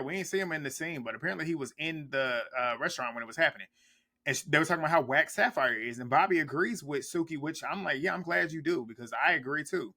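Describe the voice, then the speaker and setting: Blunt, profane man recapping reality TV. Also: on the high side. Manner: animated, blunt and profane, laughs often. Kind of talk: casual reaction recap.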